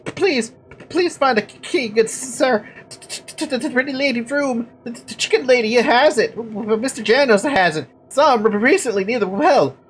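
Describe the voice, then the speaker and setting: Woman voicing a timid village violinist guy, heavy stutter, pleading, raised pitch, lively sing-song. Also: fairly quick, slight background noise, lightly acted.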